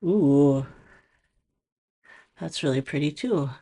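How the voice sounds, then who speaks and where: A woman's voice: low-pitched, slow pace, mellow, breathy edge. A woman casually demonstrating nail strips, chatty and thinking aloud as she works. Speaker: nail product stylist. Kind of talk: casual product demo.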